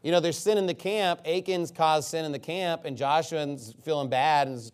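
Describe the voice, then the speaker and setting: A man preaching an expository sermon, animated and mocking, reading scripture aloud and breaking into impressions. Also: on the high side, brisk.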